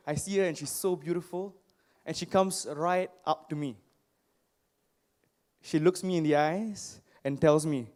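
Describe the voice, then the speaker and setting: A young man speaks from a stage to a live crowd, his voice pitched high. He tells personal stories with animated, playful self-mockery and often asks the audience questions. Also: unhurried, pauses often. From Singapore. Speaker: motivational speaker.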